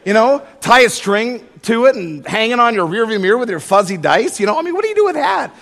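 A middle-aged man preaching a sermon, telling a humorous story in an animated way before building to loud preaching. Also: very high voice, fast talker, creaky. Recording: echoey hall with long reverb.

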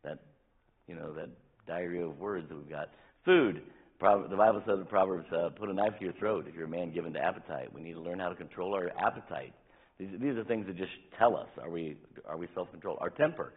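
Preaching as pastor, a middle-aged man speaks candidly and conversationally, acting out small quoted asides to drive his points home. His voice is low, fairly quick and a little breathy, and the recording sounds tinny, like a phone.

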